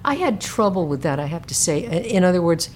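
A woman co-hosting a casual book chat, talking haltingly with many restarts. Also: on the low side, big pitch swings, a little mellow, slight background noise. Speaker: podcast co-host discussing a book.

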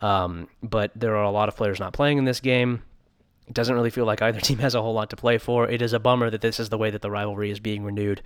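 A man's voice: fairly low pitch, fairly even intonation, quick pace, clear, resonant tone, no echo. A man co-hosting a sports podcast, chatting casually and joking, with many restarts. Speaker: podcast co-host.

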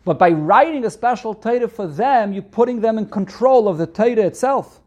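Yeshivish-accented man teaching in high voice. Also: animated, normal speed, lo-fi sound. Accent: Yeshivish English with Hebrew and Yiddish terms. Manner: explains line by line, repeating key points. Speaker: Torah teacher. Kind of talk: reading Hebrew text and translating it into English.

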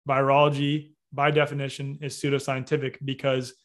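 A man's voice: medium pitch, monotone, fairly quick. A man speaking as an interview guest, making his case in an emphatic, methodical, lecturing way. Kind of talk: interview argument.

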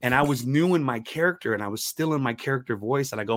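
A man in a casual interview, telling stand-up stories with lots of energy and laughter, often tripping over his first words before finding them. His voice sits at an ordinary middle pitch. The recording is dry and close, with no room echo. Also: fast. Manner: animated, laughs often, stammering restarts. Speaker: comedian guest.

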